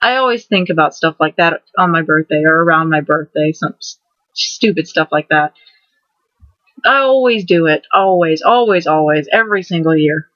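A woman in her twenties hosting a casual vlog, rambling excitedly and restarting her words as she goes. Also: sits low, normal speed, no echo. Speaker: vlogger host. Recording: dull lo-fi dry recording.

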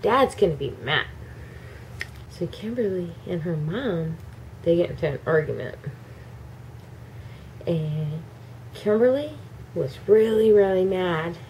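A woman telling her child a bedtime story, animated and acting out the characters. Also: lowish voice, takes it slowly, pauses often, a little hiss or hum. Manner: animated, acts out every character.

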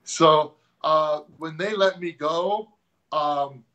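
Animated man telling coaching stories. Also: fairly high pitch, takes it slowly, poor audio. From Tacoma, Washington. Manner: animated storyteller, acts out quoted people. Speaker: guest, former strength coach. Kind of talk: casual storytelling interview.

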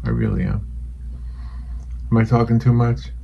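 Gravelly older man rambling warmly. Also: mid-range voice, steady tone, moderate pace, dull audio, slight background noise. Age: 60s. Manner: self-deprecating, chatty, emotional. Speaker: hobby watercolor painter. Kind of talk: casual rambling chat.

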